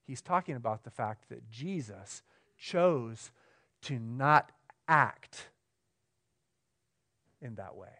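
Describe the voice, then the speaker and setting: A pastor preaching a sermon, swinging between emphatic, raised lines and quiet, low ones, often checking in with the congregation. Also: male voice, lively intonation, takes it slowly, long pauses. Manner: asks the room questions, conversational.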